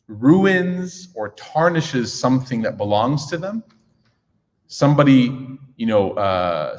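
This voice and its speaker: A man teaching a young crowd in an easy, joking way, slipping into little acted scenes as he goes. His voice sits at an ordinary pitch. A big hall gives every phrase a long, trailing echo. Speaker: religious teacher. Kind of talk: lively talk to a young audience. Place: large echoing hall. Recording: echoey hall reverb.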